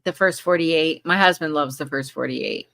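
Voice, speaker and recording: A woman's voice: low voice, moderate pace, creaky, a bit bright. A woman hosting a casual live chat, reading viewer comments aloud and laughing often between remarks. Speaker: livestream host.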